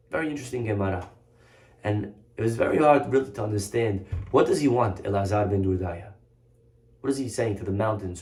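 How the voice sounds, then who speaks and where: A man's voice: on the low side, brisk, a little mellow. A man giving a sermon as a rabbi, telling a story and asking the audience rhetorical questions. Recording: echoey room.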